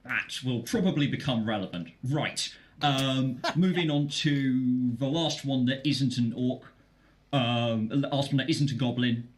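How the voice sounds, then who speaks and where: Easygoing man running a tabletop game. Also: medium pitch. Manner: easygoing, halting with fillers. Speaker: game master.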